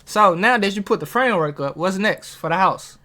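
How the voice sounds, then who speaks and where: Host of a self-improvement vlog: a man who talks straight to camera in street slang, hyped up, voice swinging high and low. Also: expressive, a little fast, sharp tone. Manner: hyped, street-slang delivery with big pitch jumps; talks straight to viewers, asking questions. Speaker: motivational vlogger. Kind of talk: casual motivational talk.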